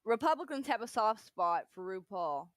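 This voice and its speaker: A woman's voice: on the high side, very animated, normal speed, dry recording. A woman co-hosting a casual livestream chat, teasing and joking with her co-host. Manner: playful and teasing. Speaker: podcast co-host.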